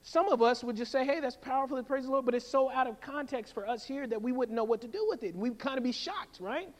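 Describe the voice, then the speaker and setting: A man delivers a sermon with a very high-pitched voice. He talks in an animated, conversational way and keeps checking in with the congregation. His voice rings out with the long reverb of a church sanctuary. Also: a little fast. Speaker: preacher.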